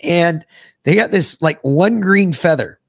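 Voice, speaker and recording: A man's voice: a little high, lively intonation, a little slow, gravelly, dry recording. A middle-aged man from the United States, a podcast host telling a crude, profane army story with rambling asides. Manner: crude, rambling, laughs through stories.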